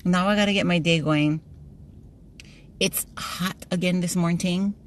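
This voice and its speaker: A woman's voice: lowish voice, steady tone, a little slow, a little hiss or hum. Chatty woman with a lilt. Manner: chatty, laughs often, playful storytelling. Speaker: vlogger. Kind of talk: casual chat to camera.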